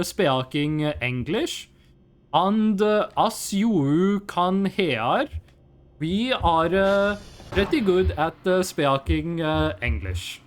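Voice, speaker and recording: Woman doing a deep, slow, halting Norwegian-accented English speaker who keeps stalling on "uh". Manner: halting, full of uh pauses.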